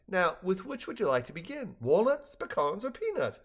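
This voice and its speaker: A high, fluttering voice for a kind, fussing mother hosting guests in a storybook, put on by a man reading aloud. She gushes in exclamations, her pitch swooping up and down. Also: big pitch swings, moderate pace, full character voice. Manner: gushing, exclamatory. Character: kind, fussing motherly older woman hostess.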